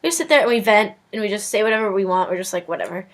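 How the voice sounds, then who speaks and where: In her dorm room, a young woman vlogs casually to the camera, telling stories in a mid-range, expressive voice at a rapid-fire clip. She's chatty, says "like" constantly, and acts out the quotes.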